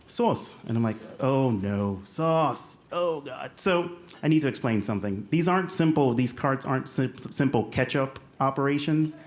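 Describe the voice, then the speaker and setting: A young adult man from the United States with a light Southern American accent, telling a humorous, self-deprecating personal story on stage and acting out the voices he quotes. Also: medium pitch.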